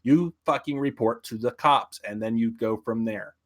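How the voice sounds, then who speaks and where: A man's voice: medium pitch, moderate pace. Cursing man ranting on a livestream. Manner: swears a lot, rants then apologizes. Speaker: podcast co-host. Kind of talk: casual livestream chat.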